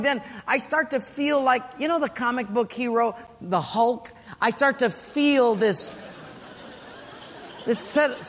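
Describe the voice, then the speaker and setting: Male pastor, very high voice, lively story-driven sermon, long hall reverb. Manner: animated storytelling with humor.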